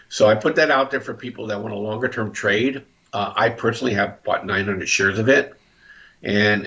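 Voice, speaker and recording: A man's voice: fairly low pitch, a bit bright, muffled recording. A man hosting a market commentary show, chatting casually about trades with frequent restarts. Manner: conversational, restarts and fillers, explains trades plainly. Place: Southern California.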